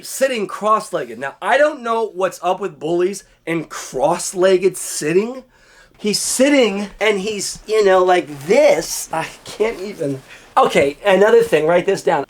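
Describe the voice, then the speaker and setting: A man spins a childhood story in loose, cursing vlog talk, voice sitting a little high for a man. He jumps between hushed, low asides and sudden yelps as he acts the scenes out. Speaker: vlogger telling a childhood story. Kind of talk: casual storytelling.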